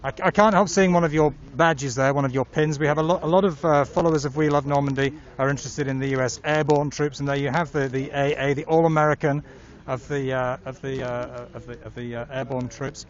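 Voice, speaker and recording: A man's voice: medium pitch, fairly even intonation. A man hosting an outdoor interview, asking eager questions and often repeating words as he starts. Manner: quick, eager, stumbles over repeated words. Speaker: interviewer, host. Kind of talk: casual on-location interview. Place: outdoors at a public ceremony. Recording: lo-fi outdoor audio with crowd.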